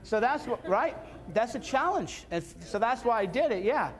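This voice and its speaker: Man, high-pitched voice, seminar speaker, casual blunt delivery, repeats himself for emphasis. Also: expressive, moderate pace. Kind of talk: live seminar talk. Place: seminar room before an audience.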